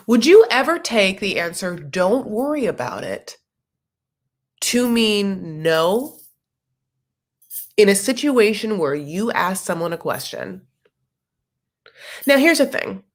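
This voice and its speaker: A woman's voice: mid-range voice, sing-song, slow, long pauses. A woman hosting a casual live reaction chat, chatty and sassy, tossing out jokes and asides as she recaps. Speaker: recap show host.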